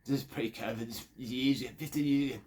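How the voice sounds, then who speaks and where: A man's voice: mid-range voice, steady tone, fast, darkish tone. Man in his fifties, Australian accent, crude, rambling, digressive. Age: 50s. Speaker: factory worker. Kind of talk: rambling monologue.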